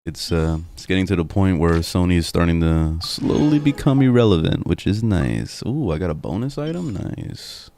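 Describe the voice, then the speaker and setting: A man's voice: low-pitched, big pitch swings, moderate pace, vocal fry, few pauses, warm tone. A young man chatting casually over gameplay at home, rambling and swearing freely. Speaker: gaming streamer. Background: faint game music.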